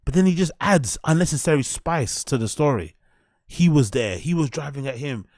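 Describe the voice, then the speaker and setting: A man's voice: a little high, animated, moderate pace, darkish tone, dry recording, studio quality. A young British man hosting a casual reaction show, sarcastic, swearing, and firing mock questions at his chat. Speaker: host.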